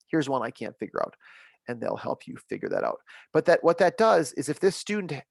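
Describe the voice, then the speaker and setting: A man running a software training webinar, upbeat and reassuring, repeating the key points as he walks through the screens. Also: a little high, wildly swooping pitch, moderate pace, vocal fry, no room sound.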